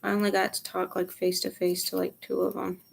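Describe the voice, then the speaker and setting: A young adult woman speaks candidly in a personal vlog, her voice sitting a little low with a gravelly, creaky texture. She sounds tired and rambles frankly, swearing freely. She often sinks to a hushed near whisper mid-thought. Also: monotone, a little fast, a little hiss or hum. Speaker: vlogger.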